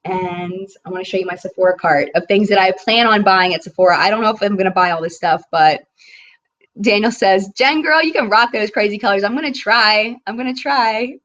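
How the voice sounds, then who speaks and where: A woman's voice: medium pitch, brisk, a bit bright, muffled recording. A woman in her thirties hosting a casual beauty live chat, chatty and bubbly, reading viewer comments aloud.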